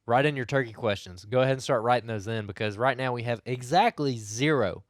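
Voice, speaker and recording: A man, co-hosting a podcast and telling a hunting story in a chatty, animated way. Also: mid-range voice, a little fast, no room sound, studio quality. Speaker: podcast co-host. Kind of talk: casual chat.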